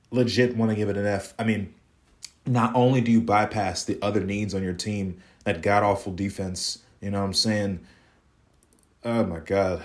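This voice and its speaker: A man hosting a sports podcast, ranting casually with lots of cursing and repetition. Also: on the low side. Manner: profane, fired-up, repeats himself.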